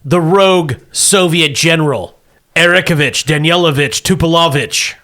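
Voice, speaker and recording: A man narrating a comedic tabletop game as game master, setting scenes deadpan and laughing often. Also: fairly high pitch, moderate pace.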